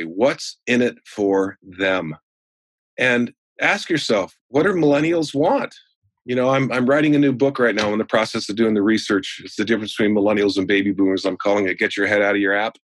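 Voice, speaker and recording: Man in his 60s, low husky voice, folksy storyteller, dry close sound. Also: moderate pace, dry recording. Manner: folksy anecdotal teller, animated in stories. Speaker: guest, sales trainer and speaker. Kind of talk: conversational storytelling.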